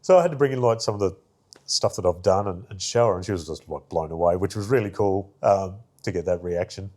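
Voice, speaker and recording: A man with a deep, somewhat mellow voice talks fairly quickly as a guest in a casual interview. An artist and arts worker, he tells rambling stories packed with fillers and acts out the voices of those he quotes.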